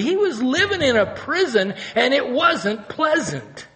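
A male pastor preaching a sermon, animated, swinging between loud exclamations and quiet intensity and asking the congregation rhetorical questions. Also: extremely high pitch, unhurried, hardly any pauses.

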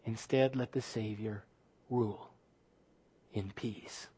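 A man preaching a sermon as pastor, with emphatic delivery that drops to soft, hushed phrases. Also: lowish voice, steady tone, takes it slowly, breathy edge.

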